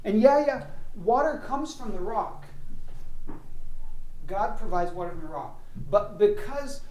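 Slow-talking pastor giving a casual sermon. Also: male voice, high-pitched, expressive, warm tone. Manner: conversational, acts out voices of people in the stories.

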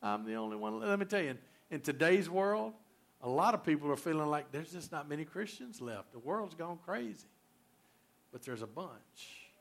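A male pastor preaching a sermon, emphatic and repetitive, swinging between loud and quiet. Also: on the high side, lively intonation, normal speed, gravelly.

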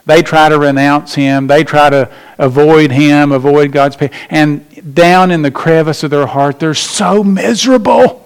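Man, pastor preaching, slow delivery, slightly high voice, emphatic. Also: clear, resonant tone. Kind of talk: sermon.

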